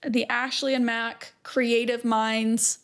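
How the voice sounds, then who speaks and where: A woman's voice: fairly high pitch, level tone, slow, smooth. A woman co-hosting a podcast in casual chat, eager and rambling. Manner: eager and rambling, with many fillers. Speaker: podcast co-host.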